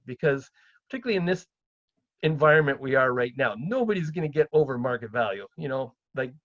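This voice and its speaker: A middle-aged man from Canada giving a chatty seminar talk on property deals, often acting out phone calls in a livelier, higher voice. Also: no room sound, dull audio. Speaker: real estate investor speaking at a seminar.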